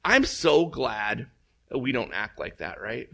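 Gravelly man preaching with animated storytelling. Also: medium pitch, takes it slowly. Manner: animated storytelling, acts out voices with big jumps up. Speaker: pastor. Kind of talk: sermon.

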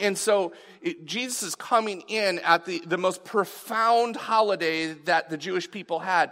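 A man's voice: sits high, fairly bright tone. A man preaching a sermon, earnest and storytelling, with frequent restarts. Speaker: pastor. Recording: long hall reverb.

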